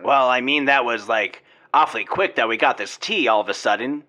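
A man's voice: medium pitch, a little fast, bright, forceful tone. A young man improvising a wisecracking comedy dub over an old film. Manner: wisecracking, sarcastic. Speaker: comedy dubber.

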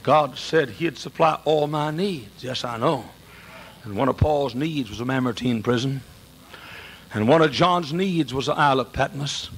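A man preaching a sermon with passion, hammering rhetorical questions and often raising his voice to a shout. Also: mid-range voice, unhurried, slight background noise.

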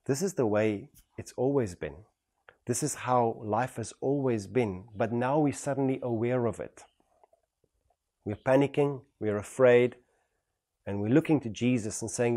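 A man's voice: mid-range voice, a little slow, dark tone. A man with a South African accent preaching a sermon as pastor, building emphatic rhetorical repetitions. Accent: South African English.

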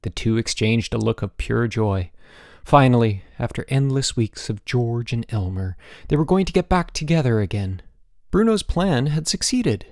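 A man reading a children's novel aloud as an audiobook narrator, expressive and giving each character a voice. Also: mid-range voice, moderate pace, no room sound, studio quality. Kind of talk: scripted narration.

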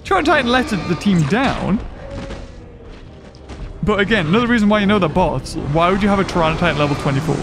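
A young man giving playful, excitable commentary on his own gameplay, joking and reacting as he goes. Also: high-pitched, fast talker, long pauses. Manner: playful, jokey, bursts of excitement. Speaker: gaming video host. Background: game music.

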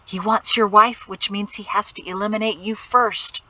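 A woman voicing a stern, worried middle-aged father who keeps his voice low and tense, often close to a whisper. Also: fairly even intonation, moderate pace, sharp tone. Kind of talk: audiobook character reading.

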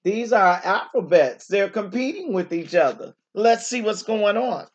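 A woman teacher reads a picture book aloud to young children at a slow, unhurried pace. She stops to exclaim and to ask the little ones questions. The recording sounds dull and muffled. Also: medium pitch, animated. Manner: gentle, exclaims often, asks children questions.

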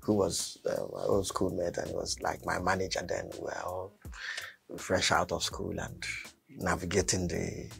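A man, a guest artist, telling a story in casual chat, animated and laughing often as he acts out quotes. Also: deep voice, normal speed, vocal fry, soft background music. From Nigeria.

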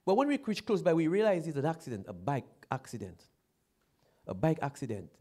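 A man from Dominica, preaching a sermon, repeating his phrases and building to loud exclamations. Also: a little high, sing-song, fairly quick, breathy edge.

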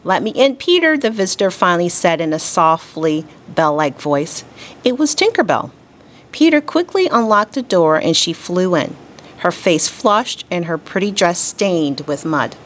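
A woman teacher reading a children's storybook aloud to her class, expressive and deliberate. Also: fairly low pitch.

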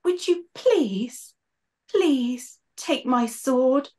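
A woman's voice: high-pitched, expressive, very slow, mellow, voice pushed up, exaggerated voice. A woman voicing a boastful, melodramatic young woman guardian of a castle, reading aloud from a storybook. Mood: feebly pleading. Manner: overacted dying gasps.

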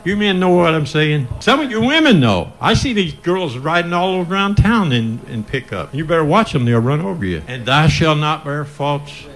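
A man's voice: fairly high pitch, lively intonation, moderate pace, few pauses, a bit bright. Older male preacher, folksy revival sermon. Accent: Midwestern American. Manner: folksy, rising to cries of praise. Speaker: pastor. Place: church sanctuary.

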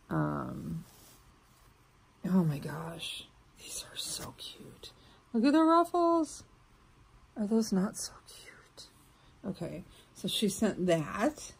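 A woman, chatting warmly through an unboxing and getting emotional, sometimes dropping to soft whispers. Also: lowish voice, vocal fry, breathy edge. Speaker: vlogger opening mail. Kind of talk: casual unboxing chat.

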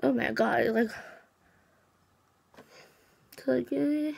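A teenage girl vlogs casually to camera after a dentist visit, her mouth still numb. Her voice sits on the high side and sounds creaky, and she rambles unhurriedly, using lots of fillers and counting aloud.

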